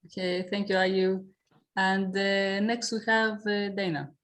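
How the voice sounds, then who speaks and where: A woman hosting a casual online video-call meeting, introducing participants in an informal, steady way with frequent fillers. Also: mid-range voice, measured pace. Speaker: meeting host.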